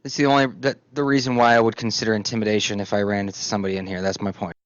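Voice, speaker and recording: A man's voice: fairly low pitch, flat delivery, rapid-fire, no room sound, highs cut off. A man playing a tabletop role-playing game, talking bluntly and swearing freely. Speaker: player.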